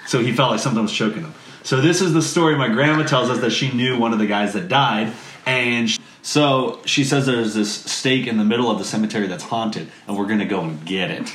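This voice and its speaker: A man casually telling a family anecdote, animated and full of "like", often leaping into high voices to quote people. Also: a little fast. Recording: roomy echo.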